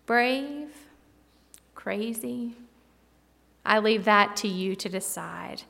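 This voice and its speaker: A woman preacher giving a reflective sermon with dramatic pauses, in a church hall. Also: a little high, a bit bright. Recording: long hall reverb.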